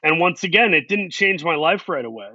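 A man telling animated anecdotes as a guest in an interview, acting out what people said to him. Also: a little high, fairly quick, dry recording, muffled recording. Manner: animated anecdotes with quoted asides. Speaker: actor guest. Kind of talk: storytelling interview.

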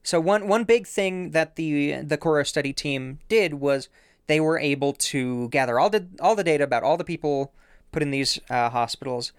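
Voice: medium pitch, moderate pace, clean tone, dry recording, studio quality. A podcast co-host explaining research in a casual, playful chat, laughing often and making joking asides.

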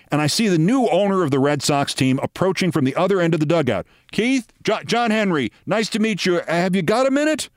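A man's voice: mid-range voice, a little mellow, dry recording, studio quality. A man in his sixties hosting a show, telling a personal story in a wry monologue and acting out the voices of the people in it.

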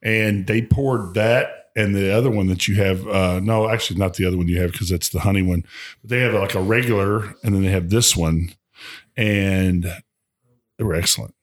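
A man co-hosting a podcast, animated as he tells stories in casual chat, often restarting his sentences. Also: low-pitched, normal speed. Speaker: podcast co-host.

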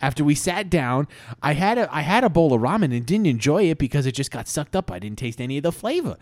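A man's voice: a little high, sing-song, fast talker, a little mellow, no echo. A man voicing a self-pitying male goo monster in an improvised comedy podcast story, rambling on with complaints. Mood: whiny.

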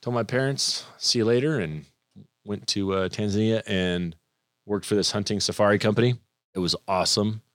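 Low-voiced man, podcast guest, rambling storyteller, dry close mic. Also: moderate pace, no echo. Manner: rambling, self-interrupting storyteller. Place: room with other people and mics. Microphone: studio mic.

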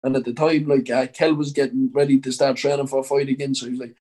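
Irish boxer telling a rambling, swearing story. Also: male voice, mid-range voice, fairly even intonation, quick pace, hardly any pauses, warm tone, rough recording. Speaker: professional boxer. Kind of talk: casual storytelling in an interview.

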